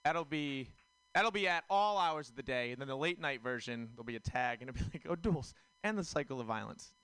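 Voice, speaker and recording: A man's voice: medium pitch, brisk, pushed and bright, clear, resonant tone, no echo. A man doing a stand-up comedy set on a club stage, rambling and full of fillers. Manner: rambling, filler-heavy delivery. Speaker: stand-up comic.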